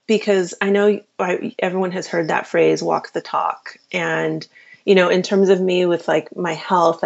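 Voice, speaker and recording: A woman physician speaks in an earnest, casual way, stopping and restarting often. Her voice sits low and has a gravelly fry. The recording sounds dull and lo-fi. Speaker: physician and podcast host, guest. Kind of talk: casual interview answers.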